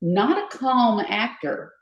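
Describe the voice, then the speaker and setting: An older woman, a podcast guest, telling warm stories in a casual interview and laughing easily. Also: fairly high pitch, very animated, slow pace, dull audio. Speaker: podcast guest, endurance rider. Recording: echoey room.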